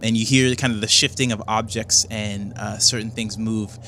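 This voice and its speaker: A man running a tabletop game as game master, narrating scenes in a quick, descriptive way with fillers. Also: on the low side, fairly even intonation, bright, forceful tone, a little hiss or hum.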